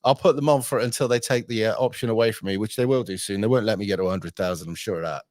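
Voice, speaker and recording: Blunt, sweary man, lowish voice. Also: rapid-fire, darkish tone, no room sound, studio quality. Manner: blunt, sweary, rambling with fillers. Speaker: livestream host. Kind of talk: casual livestream chat.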